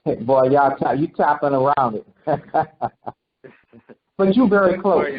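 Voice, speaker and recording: A man's voice: a little high, lively intonation, unhurried. A man preaching a conversational sermon, quizzing his listeners and acting out quotes. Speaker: preacher teaching a congregation. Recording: dull lo-fi recording.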